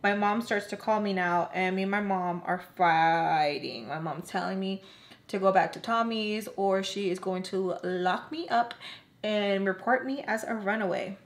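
A woman telling her own story to the camera in a relaxed, conversational way. She talks fast, leaning on fillers and checking in with her viewers as she goes. Her voice sits in an ordinary middle range. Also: medium pitch. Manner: chatty, fast, full of "like" fillers and asides to viewers. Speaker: vlogger. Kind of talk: casual storytime narration.

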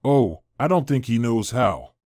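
A man voicing a gentle, sly, bedridden older mother in a storybook reading. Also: medium pitch, big pitch swings, a little slow, no echo, clean studio sound. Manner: soft, hopeful.

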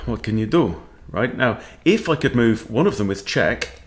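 A man's voice: medium pitch, animated, a little slow. A man who coaches chess, thinking aloud as he plays and talking to himself with wry asides. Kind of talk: thinking-aloud game commentary.

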